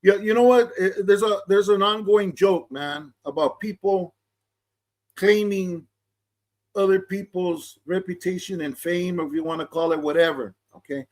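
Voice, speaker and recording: A middle-aged channel host from East Los Angeles delivers a casual commentary monologue, chatting conversationally, sprinkling in Chicano slang and checking in with "okay?" again and again. His voice is high-pitched but darkish, steady in tone, at a moderate pace.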